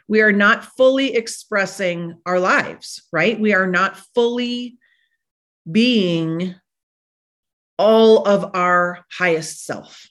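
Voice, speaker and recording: A woman psychologist giving a motivational podcast talk, animated, acting out the quotes she tells. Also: mid-range voice. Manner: animated, acts out quoted voices.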